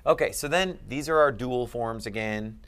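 In a one-on-one language lesson, a male Greek tutor explains step by step and keeps checking that his student follows along. His mid-range voice is a bit bright, at normal speed, with a little hiss or hum.

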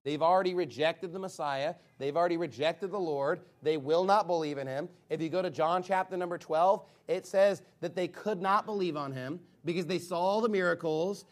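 A man with a notably high voice preaching a fiery sermon. He reads scripture aloud with force, asks rhetorical questions and breaks into shouted lines. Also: moderate pace, few pauses.

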